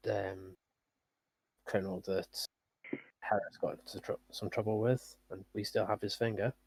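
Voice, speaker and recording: A man playing a tabletop game, making soft, hesitant suggestions. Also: fairly low pitch, level tone, moderate pace, husky, no echo, rough recording. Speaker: player. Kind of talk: in-character tabletop play.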